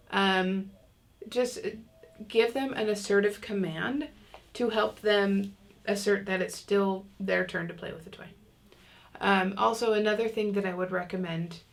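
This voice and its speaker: A woman's voice: mid-range voice, gravelly, fairly bright tone. A woman teaching an online parenting class in a chatty, casual way, acting out what parents and kids might say. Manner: chatty, many fillers, acts out kids' lines.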